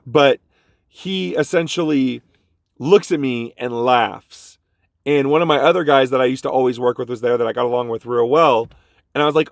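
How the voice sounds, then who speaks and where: A man's voice: mid-range voice, moderate pace, dry recording, studio quality. A man telling a casual story about a bad job to his vlog audience, jumping into the voices of the people in it. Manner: animated, jumps into quoted voices. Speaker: vlogger.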